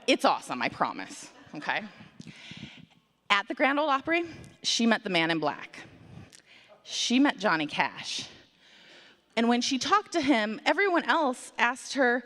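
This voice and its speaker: A woman telling a story to children and the congregation at a worship service, in an animated, conversational way with playful asides. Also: a little high, measured pace, pauses often. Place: church sanctuary. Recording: long hall reverb.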